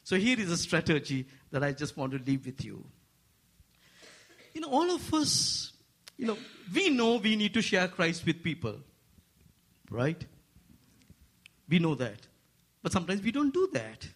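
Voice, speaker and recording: Male preacher, Asian-accented English, husky, voice a touch high, climbs higher when stressing points, jokes with the crowd. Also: unhurried, pauses often. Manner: rising to animated, high-pitched emphasis; playful asides with the congregation. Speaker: guest preacher. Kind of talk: sermon.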